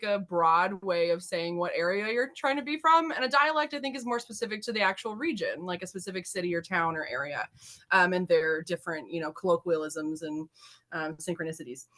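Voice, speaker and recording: A woman hosting a casual podcast chat, giggly and animated, laughing often. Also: mid-range voice. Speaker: podcast host.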